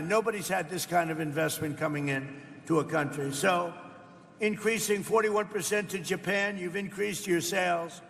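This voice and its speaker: An older man, a political speaker, gives a rambling, boastful, off-the-cuff campaign-style speech at a live event, frequently putting questions to the crowd. His voice is high and fairly bright with vocal fry, recorded in a reverberant hall with faint background ambience.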